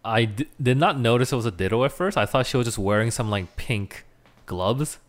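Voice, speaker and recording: A man's voice: mid-range voice, lively intonation, a little fast. A man chatting casually with a friend. He laughs often and sometimes trails off mid-thought. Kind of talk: casual chat.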